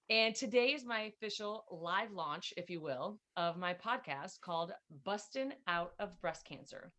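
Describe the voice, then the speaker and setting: A woman's voice: mid-range voice, animated, unhurried, few pauses, bright, forceful tone. Upbeat woman telling her story. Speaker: podcast guest, health coach. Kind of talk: casual interview chat.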